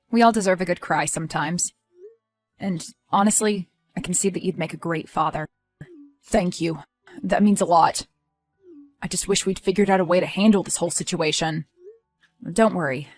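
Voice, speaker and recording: A woman voicing a worried, earnest young man who is about to become a father, speaking softly. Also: on the low side, natural voice.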